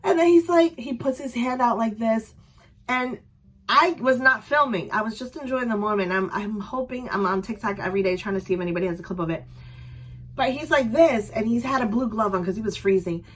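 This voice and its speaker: A young woman vlogger casually telling a story to camera, animated and acting out voices, her voice a little strained. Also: brisk. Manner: animated, acts out voices with loud high yells. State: voice slightly strained.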